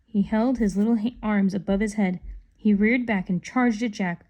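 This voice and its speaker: A woman reads a children's story aloud in a calm, unhurried way. Her narration is steady and clear, at an everyday middle pitch. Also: lo-fi sound. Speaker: storybook reader. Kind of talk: reading a children's book aloud.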